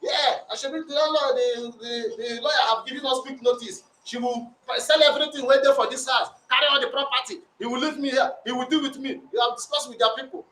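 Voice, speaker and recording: High-voiced Nigerian man, rambling complaint. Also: a little fast, hardly any pauses. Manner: rambling, repetitive, animated storytelling. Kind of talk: recounting a domestic dispute. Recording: roomy sound from a distant mic.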